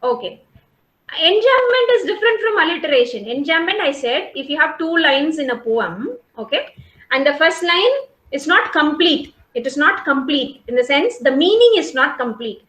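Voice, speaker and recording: A high-pitched woman teaches a college literature class over a video call. She explains slowly and patiently, repeats her points and keeps checking whether students follow. The sound is roomy, with a noticeable echo. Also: big pitch swings, fairly bright tone. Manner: explains patiently, repeats points, asks "okay?" and "got it?" often. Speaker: college English lecturer. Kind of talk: online class lecture.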